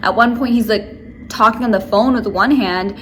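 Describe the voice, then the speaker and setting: A woman's voice: on the high side, normal speed, slight background noise. A young woman vlogging to camera, venting in a rambling way with lots of fillers. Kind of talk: casual chat to camera.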